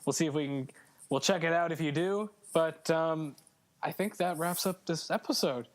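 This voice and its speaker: A man's voice: a little high, normal speed. A man co-hosting a casual gaming podcast, chatty and joking with frequent fillers. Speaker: podcast co-host. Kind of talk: casual chat.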